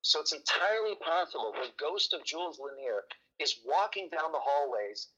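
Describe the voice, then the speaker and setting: A man, a magician, telling a story in a casual chat, animated and joking, in a dull lo-fi recording. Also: on the high side, normal speed, slightly rough.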